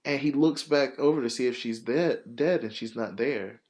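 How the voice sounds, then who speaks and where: A man hosting a podcast, casually retelling a movie plot in a rambling, profane, animated way full of fillers. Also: medium pitch, moderate pace. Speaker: podcast host.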